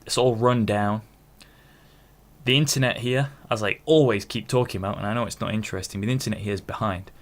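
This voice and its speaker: Here a podcast host in his twenties delivers a rambling monologue by himself, breaking into his own sentences and cursing casually. He talks fairly quickly in a fairly low voice with mostly even intonation.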